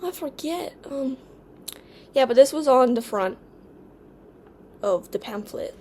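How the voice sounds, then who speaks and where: A woman from the United States chatting casually at home in a rambling, distracted vlog, clearing her throat now and then and slipping into an odd put-on accent. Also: high-pitched, animated, takes it slowly, dark tone. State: occasional coughing and throat clearing. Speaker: vlogger.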